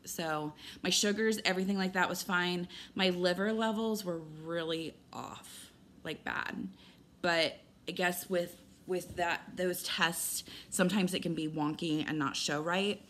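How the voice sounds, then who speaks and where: A woman's voice: on the low side, measured pace, a bit bright, a little hiss or hum. A middle-aged woman giving a rambling, candid personal update as a vlogger, retelling events with quoted dialogue.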